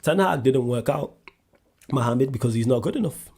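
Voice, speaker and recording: A man answers viewers' questions on his sports show in a casual, blunt way. His voice is gravelly and dark, and it climbs sharply in pitch when he makes a point. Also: animated, normal speed, slight background noise.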